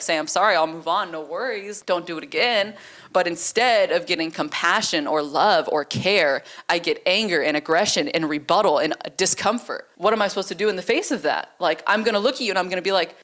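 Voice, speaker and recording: A woman's voice: fairly low pitch, a bit bright. A woman co-hosting a relationship podcast, arguing her side in a heated, blunt way and swearing freely. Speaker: podcast co-host. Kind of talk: casual relationship debate.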